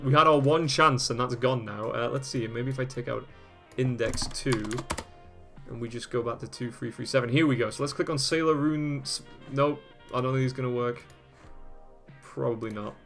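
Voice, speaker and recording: Speaking at a normal speed with medium pitch and fairly even intonation, this male video host has a fairly bright tone over faint background music. He reads old web pages aloud, chatting about them with casual amusement and frequent laughter and swearing.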